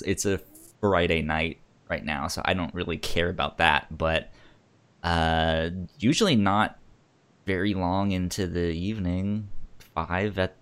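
A man's voice: low voice, unhurried, fairly bright tone, clean tone. A man co-hosting a podcast, chatting casually and stammering with many restarts. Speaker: podcast co-host. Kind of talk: casual chat.

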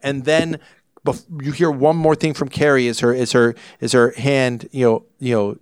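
A man's voice: medium pitch, little pitch movement, normal speed, clean tone, no echo, studio quality. A man hosting a casual film review podcast, rambling with many restarts. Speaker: podcast host.

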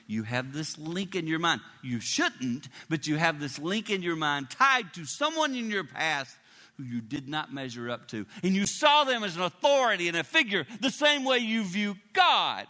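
A man in his sixties preaching a sermon to a congregation, emotional, dropping to hushed whispers and rising to high cries. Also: animated, normal speed, big-room sound. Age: 60s. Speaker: traveling preacher. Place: large hall with a live congregation.

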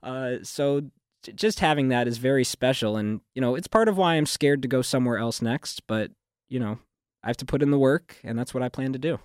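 A man's voice: mid-range voice, a little fast, clear, resonant tone, no echo, studio quality. A young man, a graduating student, talking fluently in a radio interview with a newsreader-like delivery. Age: young adult. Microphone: studio microphone.

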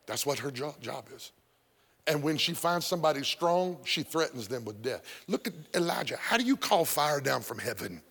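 A male pastor preaching in a church with a high, gravelly voice. His sermon swings from shouted, half-sung phrases to near-whispered asides. The sound carries a long echo from the hall. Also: big pitch swings, moderate pace. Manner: preaching with sudden shouts and sung phrases, then dropping to a hush. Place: church sanctuary.

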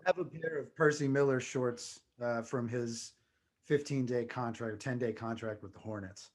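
A man's voice: medium pitch, moderate pace, husky. A man co-hosting a podcast, wry and sardonic in casual chat.

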